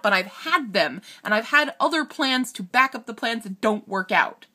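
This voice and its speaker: Young woman in her twenties, tearful and halting, bright tone, personal vlog confession to camera. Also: on the high side, expressive. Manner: halting and emotional, with nervous laughs and sighs. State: tearful, on the verge of crying. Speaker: vlogger.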